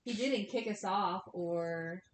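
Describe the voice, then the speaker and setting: A woman playing a curious, wary young adventurer who speaks slowly. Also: natural voice. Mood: probing. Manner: slow, drawn-out. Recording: echoey room, faint rumble.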